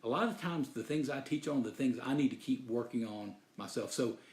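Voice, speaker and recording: A man's voice: medium pitch, brisk, darkish tone. Earnest man telling a story, roomy echo. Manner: earnest, repeats phrases for emphasis. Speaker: speaker giving a motivational talk. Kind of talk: sermon-style storytelling talk. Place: Dallas, Texas.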